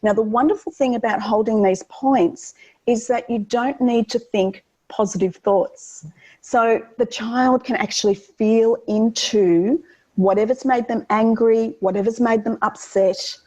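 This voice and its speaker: Earnest woman explaining children's calming techniques. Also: on the high side, a little slow, poor audio. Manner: earnest and explanatory, with frequent ums and restarts. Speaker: guest educator on children's wellbeing. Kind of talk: explanatory interview answer.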